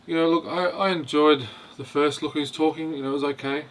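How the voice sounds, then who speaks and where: A man's voice: fairly high pitch, steady tone, brisk, a little hiss or hum. A man casually reviewing a film, hesitant and rambling, with constant "you know" fillers. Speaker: host of a film review video.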